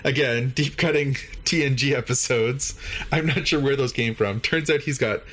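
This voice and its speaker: A man hosting a podcast, recapping an episode in a casual, animated way and jumping into higher voices for the characters' lines. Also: moderate pace. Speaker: podcast host.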